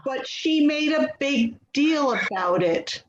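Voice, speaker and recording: A woman's voice: sits high, animated, slow pace, echoey room, lo-fi sound, background noise. A woman in a readers theater reading, playing a frustrated daughter who pleads and coaxes with her mother's caregiver. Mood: pleading. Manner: pleading, exasperated, coaxing. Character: Louise, a frustrated, pleading middle-aged daughter. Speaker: actor in a staged reading.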